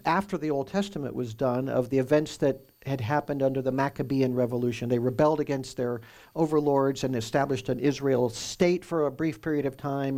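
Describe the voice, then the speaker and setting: A man pastor teaching through a Bible passage in a conversational, explanatory way, with animated emphasis. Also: medium pitch, creaky.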